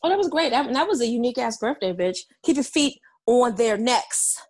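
A woman's voice: a little high, lively intonation, moderate pace, darkish tone. A woman co-hosting a casual chat, brash and profane, who slips into mock voices to make her point.

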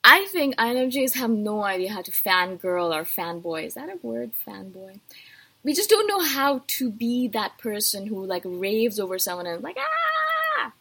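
A woman's voice: medium pitch, lively intonation, moderate pace, creaky, fairly bright tone, husky. A woman hosting her own podcast, talking casually and animatedly in a chatty, self-deprecating way. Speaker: podcast host. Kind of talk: casual solo talk.

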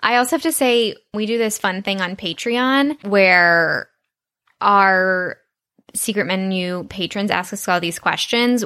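Southern woman podcast co-host, casual and chatty, quick to laugh. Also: mid-range voice, a bit bright. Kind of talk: casual chat.

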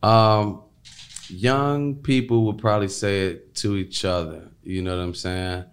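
A man's voice: lowish voice, fairly even intonation, a little slow. A man talking in a loose, rambling casual chat, full of fillers and repeats. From Chicago.

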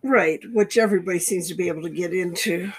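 A woman's voice: fairly low pitch, fast, husky. A woman co-hosting a podcast in casual chat, with blunt, giggly interjections. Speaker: podcast co-host.

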